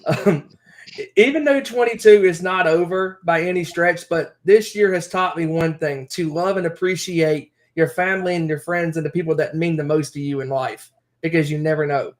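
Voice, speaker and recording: A man's voice: a little high, normal speed. Rambling heartfelt podcast co-host man. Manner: rambling, heartfelt, full of "you know". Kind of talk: casual chat.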